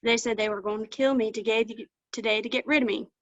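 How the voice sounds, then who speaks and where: A woman's voice: fairly high pitch, steady tone, fast, no room sound, natural voice. A woman voicing a toothless, lonesome old male hound dog with a folksy, rambling drawl. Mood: lamenting. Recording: dull lo-fi dry sound.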